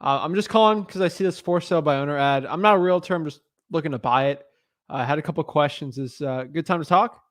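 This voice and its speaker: A man's voice: a little high, fast talker, a bit bright, dry recording, studio quality. A young man commenting casually on a property listing and cold calling a seller, thinking aloud with fillers. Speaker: real estate wholesaler cold calling.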